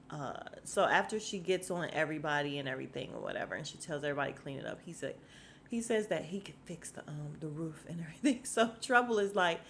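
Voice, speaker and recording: A woman's voice: low-pitched, animated, quick pace, slight background noise. A woman hosting a casual podcast, chatting her way through a TV episode recap and retelling scenes in quoted voices. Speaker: podcast host recapping a TV show.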